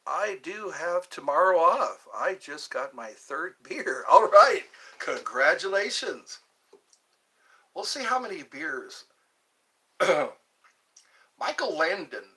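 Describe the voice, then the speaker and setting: A man's voice: fairly high pitch, very animated, slow, long pauses, sharp tone, distant mic. A man hosting a casual livestream, rambling and joking as he chats with his viewers. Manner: rambling, jokey, chatting with viewers. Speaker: livestream host.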